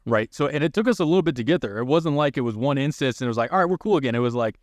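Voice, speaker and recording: A man's voice: mid-range voice, rapid-fire, no echo, studio quality. A young man in a casual podcast chat, blunt and swearing freely, acting out what he and his friend say to each other. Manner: blunt, swears casually, quotes himself in asides. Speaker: podcast guest.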